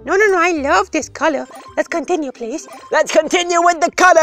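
High squeaky-voiced gamer doing goofy rambling commentary, voice jumping all over, little music in the back. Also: brisk. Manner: excitable, rambling, with sudden shouts and jokey squeaks. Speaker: gaming channel host. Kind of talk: playful let's-play commentary.

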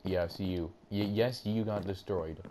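Young male gamer, very deep, relaxed and joking, noisy mic capture. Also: a little slow. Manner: laid-back, jokey, slangy. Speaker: host and player. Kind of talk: casual gaming chat.

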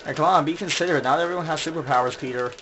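A man's voice: on the high side, rapid-fire, a bit bright, faint music behind. Sarcastic young man playing a game. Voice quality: sarcastic, mocking, talks back at the game. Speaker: gameplay commentator. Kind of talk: sarcastic let's play commentary.

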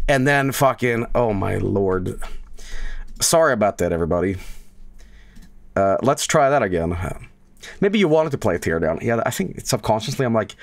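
A man chatting to viewers on a live game stream, rambling and swearing, bursting into loud yelling at times. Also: medium pitch, animated, normal speed, no echo. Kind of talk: live gameplay stream chat.

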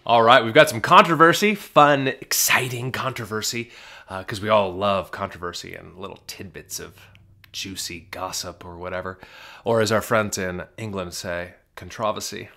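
A pastor hosts his own podcast with a lowish voice that still has a bright, forceful edge. He talks casually and jokes along the way. He jumps between loud emphatic bursts and muttered asides. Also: moderate pace, creaky. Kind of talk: casual solo podcast commentary. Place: small-town Kentucky.

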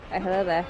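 A young woman streaming a horror game, chatting and teasing a friend, often laughing and breaking into sudden shrieks. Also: medium pitch. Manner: giggly, teasing, bursts into shrieks. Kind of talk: live gaming commentary with a friend.

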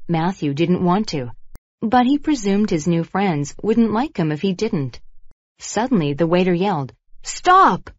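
Woman, lowish voice, scripted lesson narration, clear measured reading, dry dull audio. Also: expressive, dark tone, dry recording.

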